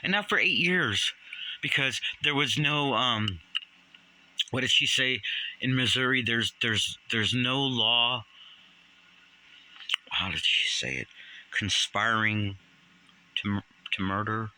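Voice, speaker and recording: 60s male vlogger, outraged commentary, bright edgy voice. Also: slow pace, pauses often, rough recording. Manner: animated, indignant, jumps up in pitch when outraged. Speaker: channel host. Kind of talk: ranting commentary vlog.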